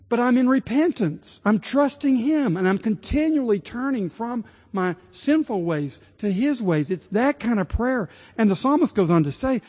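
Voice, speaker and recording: A pastor preaching a sermon to his congregation in a large church, building to emphatic points and dropping to a hushed prayer. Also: very high voice, big pitch swings, normal speed, few pauses, breathy edge. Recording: long hall reverb.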